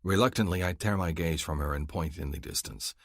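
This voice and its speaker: Deep husky male audiobook narrator. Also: fairly bright tone, no room sound, studio quality. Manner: measured, earnest storytelling. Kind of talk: first-person romance audiobook narration.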